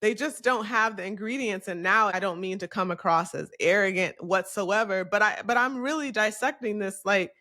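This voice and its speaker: A woman's voice: medium pitch, moderate pace, few pauses. A woman hosting her own podcast, talking candidly and reflectively in a solo monologue. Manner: candid and confessional, animated when quoting others. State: briefly emotional. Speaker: podcast host.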